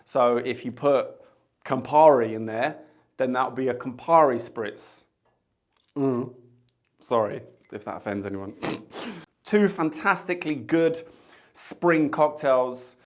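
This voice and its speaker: Bartender host, male, mid pitch, casual and jokey tasting talk. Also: slow, long pauses. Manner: chatty, jokey asides. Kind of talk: casual tasting chat to camera.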